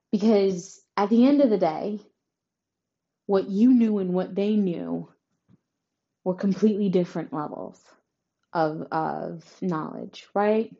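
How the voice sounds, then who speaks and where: A woman's voice: mid-range voice, dark tone, highs cut off. A woman giving a horoscope reading straight to her listeners, emphatic and reassuring, often tagging her points with "right?". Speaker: astrology reader. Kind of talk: tarot-style horoscope reading to camera.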